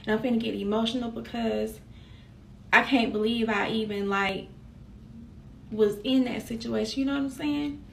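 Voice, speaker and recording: A woman's voice: on the high side, fairly even intonation, normal speed, gravelly, fairly bright tone, a little hiss or hum. A young woman telling a personal story to her viewers in a candid, slangy, casual way.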